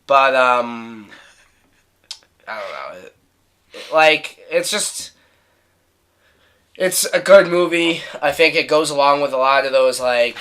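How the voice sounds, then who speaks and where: A man's voice: medium pitch, slow, pauses often, sharp tone, clear, resonant tone. A man co-hosting a casual film review podcast, laid-back and questioning. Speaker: podcast co-host.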